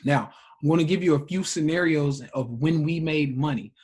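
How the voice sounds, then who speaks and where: A man's voice: on the high side, moderate pace, darkish tone, slightly rough. Blunt profane man teaching a trading class. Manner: profane, blunt, laughs often. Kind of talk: blunt live class talk.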